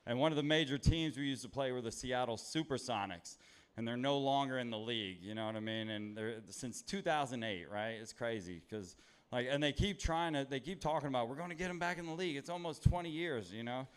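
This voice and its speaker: Stand-up comic, man, 30s, from LA: crisp, resonant voice at a middle pitch, loose and profane, self-mocking crowd work. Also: brisk. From Los Angeles, USA. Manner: rambling, profane, self-deprecating. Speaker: stand-up comedian. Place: comedy club stage with live audience.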